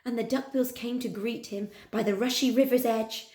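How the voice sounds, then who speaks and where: A woman teacher reading a picture book aloud to her pupils in an animated, expressive way. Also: on the high side, normal speed. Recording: echoey room.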